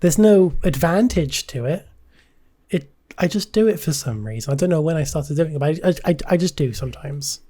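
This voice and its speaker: A woman hosting a relaxed podcast, her voice mellow and soft-edged. She talks in a hesitant, searching way, often restarting and trailing off with "I don't know.". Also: deep voice, fairly quick, breathy edge. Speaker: podcast host. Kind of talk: casual podcast chat.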